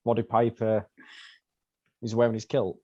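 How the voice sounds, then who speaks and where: A man's voice: lowish voice, monotone, normal speed, mellow, lo-fi sound. A man co-hosting a casual wrestling podcast, making dry, wry asides. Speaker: podcast co-host. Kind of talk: casual wrestling review chat.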